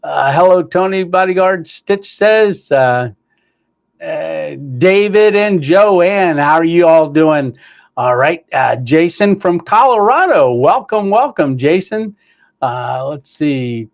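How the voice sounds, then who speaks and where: A man hosts a casual livestream and reads out viewer comments, greeting people by name with plenty of fillers. His voice sits a little high. The sound is dull and lo-fi, with a clip-on mic that gets staticky. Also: expressive, slow pace, gravelly. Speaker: livestream host. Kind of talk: casual live chat reading viewer comments. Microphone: clip-on microphone, sometimes staticky.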